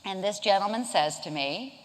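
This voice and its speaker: Lively woman telling stories in a reverberant hall. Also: medium pitch, moderate pace. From Charleston, South Carolina. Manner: lively, humorous, conversational. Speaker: keynote speaker. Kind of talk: storytelling keynote talk. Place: event hall. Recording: long reverb of a lecture hall.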